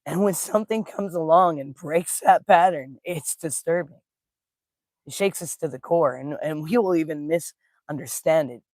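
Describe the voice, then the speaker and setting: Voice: mid-range voice, normal speed, a little mellow, dry recording, clean studio sound. A spiritual teacher giving a casual live-streamed talk, telling stories with folksy slang and greeting viewers in the chat. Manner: laughs easily, folksy slang.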